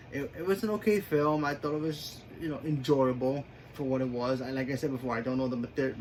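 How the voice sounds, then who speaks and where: A man's voice: mid-range voice, slight background noise, low-quality recording. A man giving a casual spoken movie review, rambling with many fillers and restarts.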